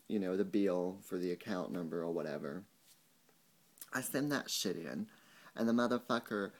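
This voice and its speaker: A man's voice: fairly low pitch, a little mellow. A young man ranting angrily to camera in a vlog, swearing a lot and mocking the people he quotes. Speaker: vlogger. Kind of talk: angry rant to camera.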